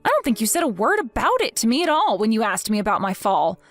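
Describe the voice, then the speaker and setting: A woman acts out a cold, taunting young wife from a text-message story drama. She speaks with a fairly high voice and a sarcastic, mocking edge. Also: sing-song, quick pace, soft background music.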